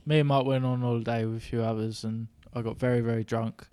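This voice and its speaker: A man's voice: medium pitch, little pitch movement, quick pace, warm tone, smooth. A young man, a co-host laughing as he tells stories in casual banter. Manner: laughing storyteller, British slang.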